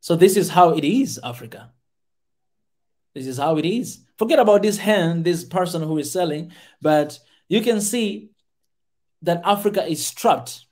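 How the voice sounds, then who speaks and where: A man's voice: high voice, animated, measured pace, a little mellow. A male podcast host giving passionate commentary on a video, emphatic and repeating his key words again and again.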